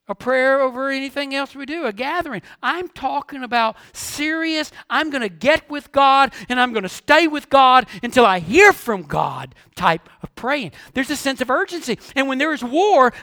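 A man preaching a sermon as a pastor, asking rhetorical questions and swinging between hushed and emphatic delivery. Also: very high-pitched, lively intonation, moderate pace, no echo, studio quality.

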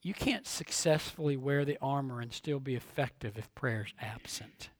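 A man preaching a sermon as a pastor, asking rhetorical questions and swinging between hushed and emphatic delivery. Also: medium pitch, moderate pace.

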